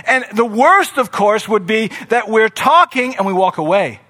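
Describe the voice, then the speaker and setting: Male pastor with a high voice, expressive sermon delivery that acts out scripture. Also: moderate pace.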